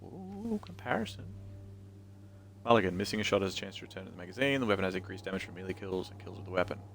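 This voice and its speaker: A man's voice: low-pitched, expressive, fast talker, creaky, fairly bright tone, a little hiss or hum. A man streaming a video game, joking, rambling and reading game text aloud in casual commentary.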